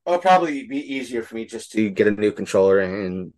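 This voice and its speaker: A man's voice: fairly low pitch, sing-song, fairly quick, darkish tone. Joking man on a video call. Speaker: podcast co-host. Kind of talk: casual chat.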